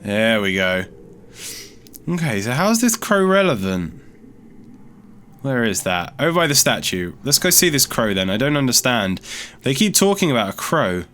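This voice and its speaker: A man's voice: medium pitch, big pitch swings, normal speed, long pauses, a bit bright, slight background noise. A man giving casual gameplay commentary as a let's play host, chatty and thinking aloud as he explores, easily startled.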